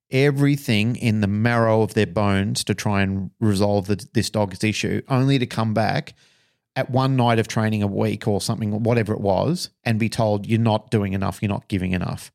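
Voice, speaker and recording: A man tells a story on a podcast with raw, open emotion and the occasional swear word. His voice sits low and has a rough, gravelly grain. He talks frankly, like a trainer speaking from experience. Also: darkish tone. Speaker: dog trainer and podcast co-host.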